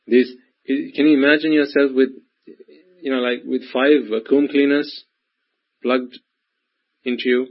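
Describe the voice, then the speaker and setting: Husky man giving a dharma talk. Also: mid-range voice, fairly even intonation, measured pace, long pauses. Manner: repetitive, full of rhetorical questions. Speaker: Buddhist teacher. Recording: dull lo-fi recording.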